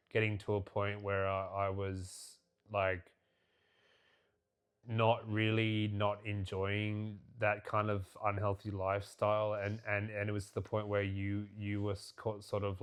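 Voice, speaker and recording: Man, very low voice, gentle, halting, casual couples chat. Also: flat delivery, smooth. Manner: gentle, halting, restarting sentences. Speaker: podcast co-host.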